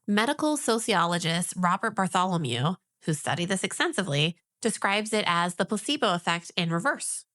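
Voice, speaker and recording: A woman co-hosting a podcast, explaining ideas in a measured, informative way with light teasing. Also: lowish voice, big pitch swings, bright, forceful tone. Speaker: podcast co-host.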